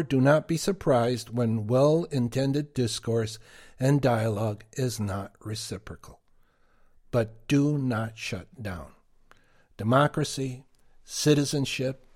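A man co-hosting a podcast, giving prepared commentary in a deliberate, emphatic way. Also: mid-range voice, a little mellow. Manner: slow, deliberate, emphatic delivery. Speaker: podcast co-host.

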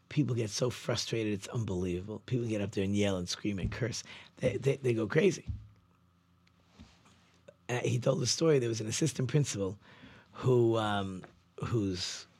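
A man's voice: medium pitch, darkish tone, husky, no room sound. Rambling middle-aged man hosting a talk show. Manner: conversational, loose storytelling with many ums and restarts. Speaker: rabbi and show host. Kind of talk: casual radio talk.

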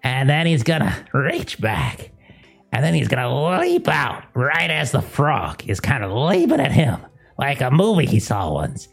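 Low-voiced, animated woman player. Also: measured pace, creaky, breathy edge, faint music behind. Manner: animated, with hesitant fillers and sudden cries. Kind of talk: narrating her character in a tabletop game.

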